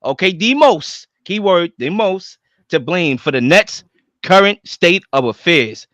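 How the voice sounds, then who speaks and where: Man, sports podcast host, animated, lively pitch, dry sound. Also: measured pace, no room sound. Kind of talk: hosting a sports debate.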